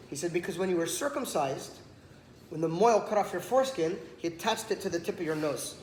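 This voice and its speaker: In a brisk, slightly high voice, a man delivers a storytelling Torah talk, acting out each line of dialogue with animation. It's recorded in an echoey room with some background noise.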